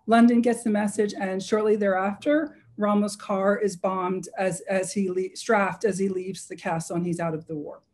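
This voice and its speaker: A woman's voice: mid-range voice, steady tone, moderate pace, hardly any pauses, a little mellow. A woman author being interviewed, recounting anecdotes with energy and frequent self-corrections. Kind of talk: lively anecdotal storytelling.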